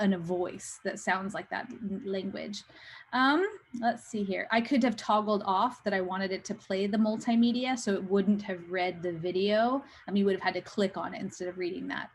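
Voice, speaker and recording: A woman at an average pitch gives a relaxed, chatty walkthrough of a program for teachers. She talks loosely and leaves plenty of fillers in her sentences. She is speaking over a video call. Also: slight background noise, rough recording. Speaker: presenter training teachers. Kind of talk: casual software walkthrough.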